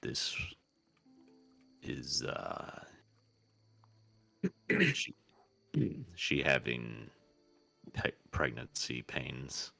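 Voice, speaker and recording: Super deep voiced guy playing a tabletop game, slow and gravelly. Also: pushed and bright, soft background music. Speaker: player. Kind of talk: in-character tabletop play.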